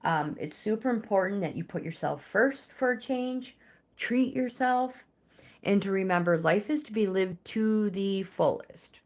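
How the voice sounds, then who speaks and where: A woman's voice: mid-range voice, lively intonation, a little slow, a little mellow. A woman hosting a live-stream tarot reading, chatting with viewers by name and reading out card meanings in a casual way.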